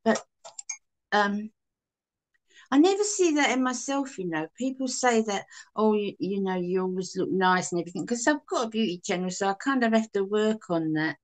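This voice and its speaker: A woman's voice: medium pitch, lively intonation, moderate pace. Woman, Cockney accent, casual livestream chat, co-host, chatty. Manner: chatty, calls people sweetheart and darling. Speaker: co-host of a live chat stream.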